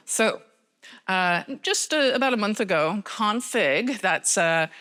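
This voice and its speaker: A middle-aged American woman gives a conference talk on a stage mic in a large hall, chatty and rambling with self-deprecating asides. Her medium-pitched voice is bright, forceful and animated, though she speaks slowly.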